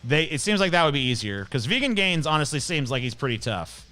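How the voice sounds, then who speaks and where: A male host tears into his targets with blunt, scornful, profanity-laced commentary. His voice sits a little high and sounds bright and clear, and he switches between offhand asides and heated rants. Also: very animated, a little fast, faint music behind.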